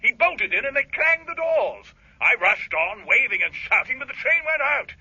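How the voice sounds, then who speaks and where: An actor playing a flustered army major calling on the phone, in a breathless, excited manner. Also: male voice, very high-pitched, moderate pace, breathy edge, full character voice. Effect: telephone filter. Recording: tinny phone line on old radio recording.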